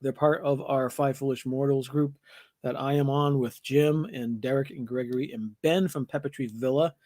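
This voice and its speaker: A man co-hosting a casual live stream, chatting in a relaxed, rambling way and plugging other channels. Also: medium pitch, normal speed, dry recording.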